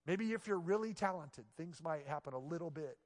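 A man preaching a sermon from the pulpit, his voice sitting a little high for a man. He shifts from quiet, close passages into loud, emphatic outbursts. The sound carries a long reverb tail from a large church sanctuary. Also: expressive, a little fast. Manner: swings between hushed, intimate passages and loud, emphatic exclamations. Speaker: pastor.

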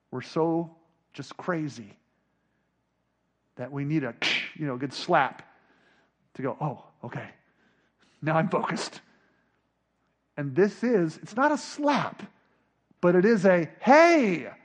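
A man preaching a sermon, dropping to a hush and then rising to near shouts as he acts out scripture. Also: fairly high pitch, expressive, takes it slowly, pauses often. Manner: dramatic, swinging from hushed to shouting. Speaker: pastor.

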